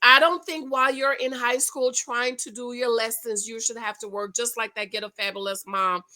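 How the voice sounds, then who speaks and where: A woman's voice: fairly high pitch, normal speed, rough recording. A woman vlogger giving casual, emotional commentary on a reality show and talking straight to her viewers. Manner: emotional and expressive, addresses viewers directly; animated, swings between loud excitement and quiet asides.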